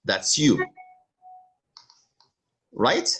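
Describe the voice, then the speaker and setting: A man's voice: mid-range voice, huge pitch swings, drawn-out words, a bit bright, husky. A male French teacher giving an online language lesson over a video call, patiently repeating phrases.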